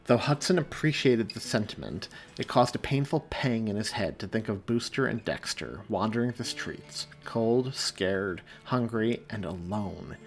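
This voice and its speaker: A man, the author, reading his own story aloud in a measured, expressive audiobook narration. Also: lowish voice.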